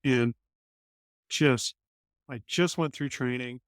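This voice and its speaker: A man from Colorado, a company CEO, telling a lively story as a guest in an interview and acting out the voices of the people in it. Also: medium pitch, slow, dry recording. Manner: animated, acts out quoted lines in other voices.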